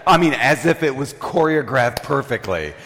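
A man's voice: mid-range voice, animated, moderate pace, a bit bright, slight background noise. An older man preaching in a humorous, self-mocking storytelling way, often laughing. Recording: reverberant hall.

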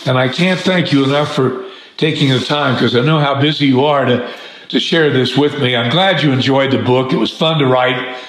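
A man hosting a podcast interview, telling an anecdote and a joke with lively energy and easy laughter. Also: mid-range voice, normal speed, echoey room, low-quality recording. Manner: animated joke-teller, laughs easily. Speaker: podcast host. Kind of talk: conversational interview with storytelling.

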